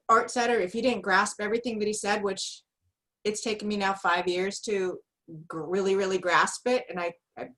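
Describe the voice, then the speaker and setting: A woman's voice: mid-range voice, a bit bright, rough recording. Chatty woman on a video call, rambling with lots of ums, support group member. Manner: chatty, rambling with many fillers. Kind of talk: casual sharing in support group.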